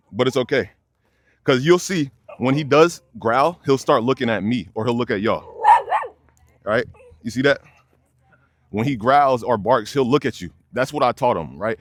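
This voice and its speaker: A man's voice: mid-range voice, dry recording. A young man, a dog trainer, explaining leash work casually outdoors and addressing viewers as y'all. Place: outdoors by a fence near many dogs.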